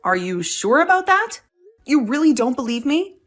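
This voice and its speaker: A woman's voice: sits high, very animated, moderate pace, fairly bright tone, soft background music. A woman playing an indignant, defiant young wife. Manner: indignant, sarcastic. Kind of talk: voiced drama story.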